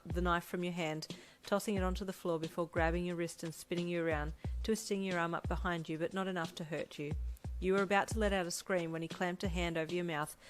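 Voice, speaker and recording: A woman's voice: lowish voice, poor audio. Woman narrating a fanfic in second person. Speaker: audiobook narrator. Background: faint music.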